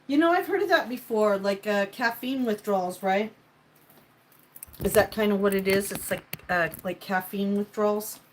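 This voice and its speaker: A woman's voice: mid-range voice, moderate pace, slight background noise, low-quality recording. A woman hosting a casual live-stream cooking chat in her home kitchen, rambling as she talks to viewers and to her ingredients. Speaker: cooking livestream host.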